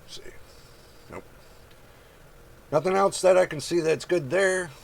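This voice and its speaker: A man's voice: sits high, unhurried, creaky. A man hosting his own channel, chatting casually as he reads prices aloud and makes asides to his viewers. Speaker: channel host. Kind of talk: casual screen-share commentary.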